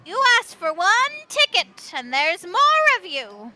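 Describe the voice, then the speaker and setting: A woman voicing a fussy, suspicious male goblin who sells tickets at a carnival, talking in a drawn-out scolding manner. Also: very high voice, wildly swooping pitch, over loud music, voice pushed up, full character voice. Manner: drawn-out scolding, calls players "young lady".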